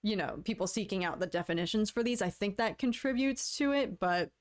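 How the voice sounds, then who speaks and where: A woman's voice: mid-range voice, expressive, fairly quick. Rambling woman live-streaming to chat. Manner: rambling, with stammered restarts; mock-dramatic, playfully lamenting. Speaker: livestream host. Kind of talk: casual livestream chat with viewers.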